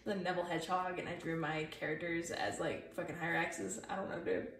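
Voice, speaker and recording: A young woman with a lowish, fairly bright voice chats casually through her sketchbook at a steady, slightly fast clip, rambling, cursing a lot and poking fun at herself. The mic is distant, the room echoes, music plays behind her, and there's a little hiss or hum.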